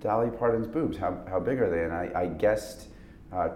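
A man's voice: deep voice, normal speed, a little mellow, echoey room, a little hiss or hum. A man, an actor guest, telling rambling, self-deprecating stories in a casual interview. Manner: rambling, self-deprecating storyteller, laughs often.

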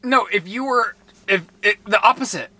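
A playful young man co-hosting a podcast in casual chat, with a quick, campy delivery. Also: high voice, sharp tone. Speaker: podcast co-host.

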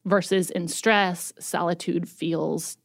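A woman speaking thoughtfully and openly about her feelings in a casual conversation, measured and reflective. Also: on the low side, fairly even intonation, gravelly, dry recording, clean studio sound.

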